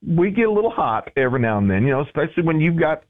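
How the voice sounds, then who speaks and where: A man's voice: on the high side, very animated, rapid-fire, narrow, tinny audio. A man, a worship pastor, talking as a guest on a radio show, telling stories with repeated words and lots of "you know". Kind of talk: radio talk show conversation.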